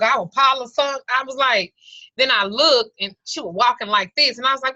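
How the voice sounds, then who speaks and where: A woman's voice: on the high side, brisk, bright, forceful tone, dry recording. A middle-aged woman teaching an occult class over a video call, swearing freely, joking and acting out little scenes. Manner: profane, joking storyteller who acts out voices. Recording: dull lo-fi video call audio.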